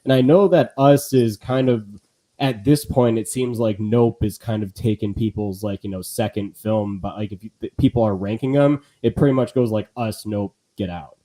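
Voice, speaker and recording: A man's voice: on the low side, moderate pace, dark tone. A man co-hosting a live podcast in casual chat, rambling with lots of fillers and restarts. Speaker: podcast co-host.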